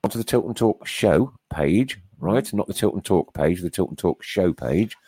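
A man's voice: low-pitched, expressive, moderate pace, warm tone, husky. A man co-hosting a casual football podcast, chatty and running through league standings. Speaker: podcast co-host. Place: small studio.

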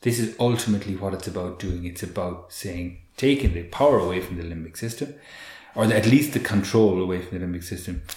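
Deep-toned man, guest expert, animated and earnest, roomy echo. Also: brisk. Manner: earnest, animated, repeats words as he restarts. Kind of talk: conversational explaining.

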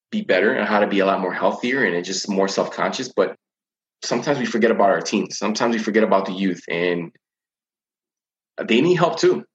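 Low-pitched guy, teen coach on a podcast, earnest, kinda muffled lo-fi audio. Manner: earnest, repeats words while thinking. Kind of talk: casual podcast conversation.

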